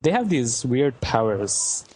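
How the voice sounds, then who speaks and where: A man co-hosting a casual podcast chat, agreeable and quick to laugh and chime in. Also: medium pitch, big pitch swings, a little mellow. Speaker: podcast co-host.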